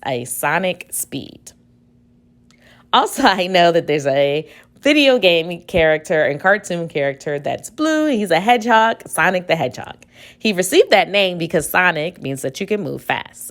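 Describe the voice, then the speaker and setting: Slow-spoken woman teacher spelling words. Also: fairly low pitch. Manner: slow, deliberate, spells out letters and repeats words. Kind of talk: spelling dictation lesson.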